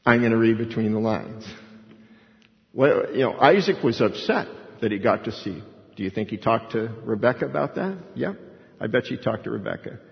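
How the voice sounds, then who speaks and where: An older man teaching a bible study as a pastor, animated storytelling and acting out the voices of the people in the story. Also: medium pitch, moderate pace, creaky. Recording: dull recording in a long-reverb hall.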